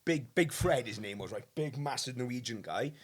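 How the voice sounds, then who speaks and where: A man's voice: medium pitch, animated, normal speed, husky. A man telling rowdy anecdotes in casual pub chat, swearing freely and laughing through his punchlines.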